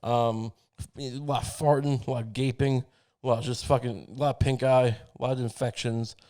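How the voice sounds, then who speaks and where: A man's voice: medium pitch, level tone, moderate pace, mellow. A man hosting a podcast, rambling through a sarcastic, profane comedic monologue. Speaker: podcast host.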